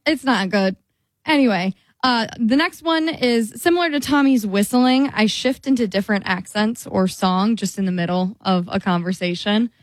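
A woman's voice: mid-range voice, normal speed, hardly any pauses, no room sound. Chatty self-mocking woman in a dry studio. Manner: chatty, self-mocking, slips into playful voices. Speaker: radio show co-host. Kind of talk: casual studio chat. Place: radio studio. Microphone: studio mic.

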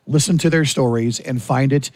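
A man's voice: medium pitch, moderate pace, a little mellow, no echo. A male radio host leading a morning fundraiser chat, upbeat and urging listeners to call in.

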